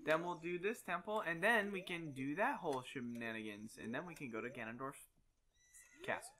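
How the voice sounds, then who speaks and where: A man's voice: a little high, normal speed, pushed and bright. A man hosting a let's play, planning the next steps aloud, joking and swearing casually. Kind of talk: casual gaming commentary.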